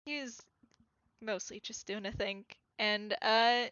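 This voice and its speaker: A woman's voice: medium pitch, steady tone, slow, a bit bright, dry recording. A woman narrating her character's actions in a tabletop role-play, hesitant with many fillers. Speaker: tabletop player. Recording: dull lo-fi dry audio.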